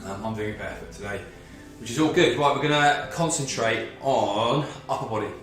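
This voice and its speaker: A man's voice: medium pitch, fairly quick, a bit bright, heavy reverb, distant mic, faint music behind. A man leading a guided movement and mindfulness workout as a fitness instructor, slightly out of breath, talking through each move step by step. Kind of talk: guided exercise class.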